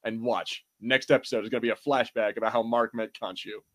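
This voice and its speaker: A young man in casual podcast chat, his voice sitting at an everyday middle pitch. He talks in an animated way, swears freely and jumps up in pitch when something excites him. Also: a little fast. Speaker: podcast host.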